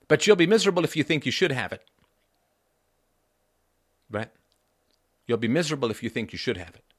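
A man in his fifties hosting a solo livestream, talking in a lively way and jumping up in pitch for emphasis and mock voices. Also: dry recording, clean studio sound. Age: 50s. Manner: rhetorical repeats, asks "right?". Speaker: livestream host. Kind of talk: solo political commentary.

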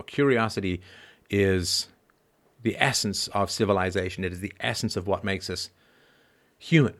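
Low-voiced man giving an emphatic philosophical monologue. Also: normal speed, a bit bright. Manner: discursive, emphatic, constant "right?" tags. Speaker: podcast host.

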